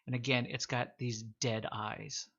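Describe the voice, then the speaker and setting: Game master: male, descriptive tabletop narration, mid pitch, dull lo-fi sound. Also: level tone, a little slow, a bit bright. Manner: descriptive narration with filler words.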